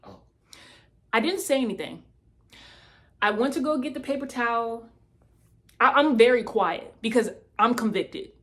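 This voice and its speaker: A woman telling a personal testimony in a casual, animated way, speaking straight to her listeners. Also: on the high side, measured pace, pauses often.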